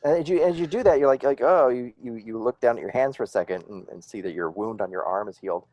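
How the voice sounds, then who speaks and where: A man running a tabletop game as game master, narrating in a relaxed, halting way with lots of fillers. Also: mid-range voice, no room sound, lo-fi sound.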